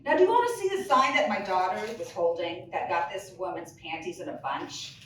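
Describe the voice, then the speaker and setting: Fifties female storyteller, animated and loud, lively pitch; live pub stage, distant mic, faint room noise. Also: a little fast, few pauses, very echoey. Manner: animated, with loud exclamations and laughs.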